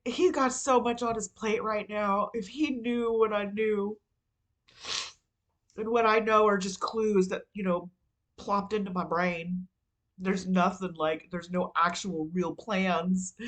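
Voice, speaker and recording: A woman's voice: mid-range voice, low-quality recording. A woman hosting her own show, talking in a rambling, confessional way, full of "you know" and "like," and swearing casually. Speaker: podcast host. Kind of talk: candid personal vlog monologue.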